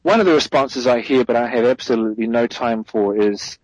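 Man, husky voice, dry close sound, thoughtful guest explaining, self-correcting. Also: mid-range voice, brisk, dry recording, poor audio. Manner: thoughtful, self-correcting, rising emphasis on key points. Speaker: guest theologian. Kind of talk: explanatory interview answer.

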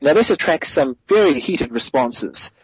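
A man's voice: mid-range voice, lively intonation, measured pace, slightly rough, no echo, rough recording. A man as a guest theologian, giving a thoughtful explanatory answer in an interview, correcting himself as he goes and stressing key points.

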